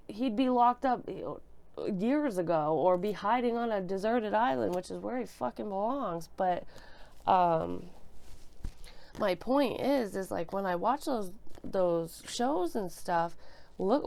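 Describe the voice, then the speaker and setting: Gravelly-voiced woman giving a profane tarot reading. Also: medium pitch, lively intonation, slow, a little mellow. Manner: blunt and profane, emotional, thinking aloud with many restarts. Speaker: tarot reader and medium. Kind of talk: casual tarot reading to camera. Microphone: desk microphone she bumps.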